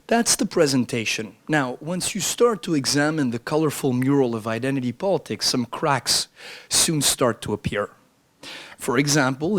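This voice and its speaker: A man who has lost his voice speaking as a panelist, wry and combative, before a room audience. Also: mid-range voice. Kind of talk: panel speech. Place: club meeting room, audience present.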